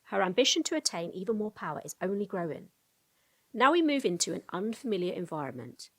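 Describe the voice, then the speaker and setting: A woman narrating a fantasy lore explainer video in a brisk storytelling tone, with casual asides to the viewer. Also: medium pitch, sing-song.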